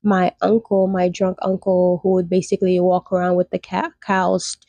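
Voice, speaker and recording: Woman, casual storytime, gravelly voice, mellow dark tone, dry recording. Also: fairly low pitch, completely flat delivery, normal speed, dry recording, muffled recording.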